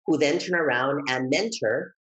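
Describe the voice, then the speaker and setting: A man guesting on an interview, telling his story in a lively, expressive way that jumps high when he gets excited. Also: normal speed, rough recording. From Texas, United States. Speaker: guest, educator and author.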